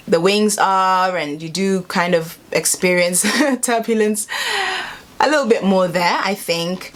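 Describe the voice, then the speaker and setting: A young adult woman talking casually to camera in a vlog, chatty and animated, rambling a little as she explains things. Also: fairly low pitch. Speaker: vlogger.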